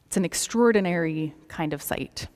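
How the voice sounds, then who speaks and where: A woman preaching a sermon in a slow, gentle, reflective way, dropping some phrases to a soft near-whisper. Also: lowish voice. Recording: long reverb of a large hall.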